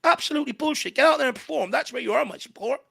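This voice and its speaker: Man, high voice, gravelly, bright tense tone, heated swearing rant, dry close sound. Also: lively intonation, racing, no room sound. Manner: exasperated ranting, heavy swearing. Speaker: co-host of a fan watchalong. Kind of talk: heated live match reaction.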